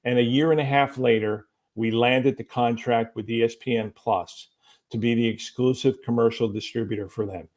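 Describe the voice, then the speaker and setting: Animated storytelling American businessman. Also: mid-range voice, moderate pace. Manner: animated anecdote-telling, acts out quoted voices. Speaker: company president, podcast guest. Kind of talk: storytelling interview answer.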